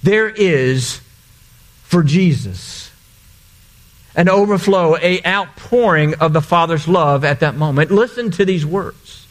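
A man's voice: fairly high pitch, lively intonation, slow pace. A man preaching a sermon as pastor, earnest and repeating phrases for emphasis.

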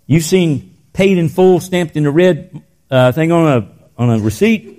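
An older man preaching a sermon in a church, telling stories and dropping into soft, intense passages. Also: a little high, animated, a little slow. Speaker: pastor.

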